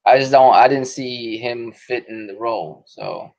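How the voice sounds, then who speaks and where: A man chatting loosely on a podcast, his talk full of slang and swearing and often breaking into laughs. His voice sits at an ordinary middle pitch, and the recording is dull and lo-fi. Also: a little slow, darkish tone. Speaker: podcast host. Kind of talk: casual podcast chat.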